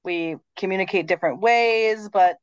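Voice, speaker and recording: A woman's voice: medium pitch, moderate pace, clear, resonant tone, no echo. A woman in a casual podcast chat, making her point in an easygoing way and laughing along. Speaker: podcast co-host. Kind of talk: casual conversation. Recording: dry muffled lo-fi audio.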